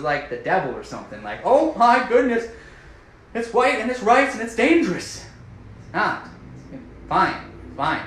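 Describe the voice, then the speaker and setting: A man's voice: medium pitch, fairly bright tone. A man giving casual, enthusiastic diet advice to camera, repeating his points emphatically and joking along the way. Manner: emphatic, repetitive, playfully enthusiastic. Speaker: health vlogger. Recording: echoey room with faint ambient noise.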